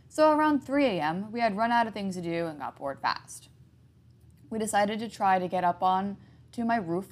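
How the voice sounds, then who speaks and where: A woman narrating a first-person horror story in an even, hushed reading manner. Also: medium pitch.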